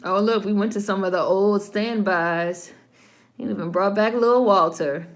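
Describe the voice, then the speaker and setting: A woman's voice: mid-range voice, a little slow. Female host, casual film reaction commentary, frank and profane, mid-range voice. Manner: blunt, profane, talks back at the screen. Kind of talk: casual watch-along commentary.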